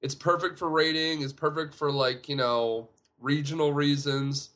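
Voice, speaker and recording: A man's voice: a little high, steady tone, moderate pace, a bit bright. A man co-hosting a casual sports podcast, rambling with lots of fillers. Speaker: podcast co-host.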